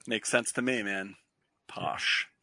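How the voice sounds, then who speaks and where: A man from Cape Cod talks in a loose, rambling way, piling up fillers and restarts. His voice is gravelly and bright-edged with a husky grain. The sound is close and dry. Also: on the low side, moderate pace, no room sound. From Cape Cod, Massachusetts. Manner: rambling, many fillers and restarts, bursts of laughter. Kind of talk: casual chat.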